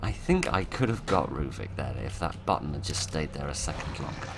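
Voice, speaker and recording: A man commentates his own horror game playthrough. He rambles, mocks himself and jokes drily. Clear background noise runs under his desk mic. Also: extremely low pitch, sing-song, brisk. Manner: self-mocking, rambling, dry humour. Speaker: gameplay commentator. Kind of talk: let's play commentary. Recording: noisy background.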